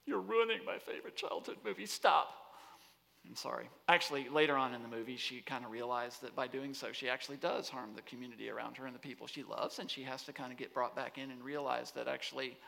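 Guy giving a lively campus talk, bright gravelly voice, keeps checking in with the crowd, big hall echo. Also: mid-range voice. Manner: animated, rhetorical, checks in with the audience. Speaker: speaker. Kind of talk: lecture-style talk to students. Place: large hall on a college campus. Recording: long hall reverb.

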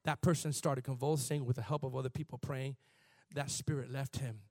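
A man preaching a sermon in an animated, conversational way, shifting from soft asides to shouts. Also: mid-range voice, fairly quick, dry recording, studio quality. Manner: conversational, laughs and repeats words. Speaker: pastor.

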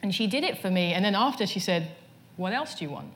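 An English artist, the guest in a casual onstage conversation before a live audience, tells stories in a mid-range voice. She talks fast and animatedly, peppering her speech with "you know" fillers and frequent restarts.

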